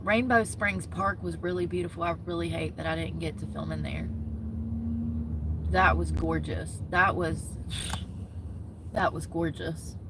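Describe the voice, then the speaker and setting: A young woman, chatting casually to camera as a vlogger, gossipy and animated. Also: on the low side, unhurried, pauses often, background noise. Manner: chatty, gossipy, talks with her hands in words like "y'all" and "homegirl".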